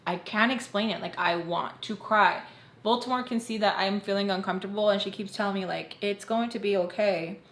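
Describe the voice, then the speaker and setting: A woman's voice: mid-range voice, quick pace, hardly any pauses, reverberant. A young woman casually telling a personal story to her viewers, full of fillers and acted-out quotes. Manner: chatty, heavy use of "like", acts out quoted voices.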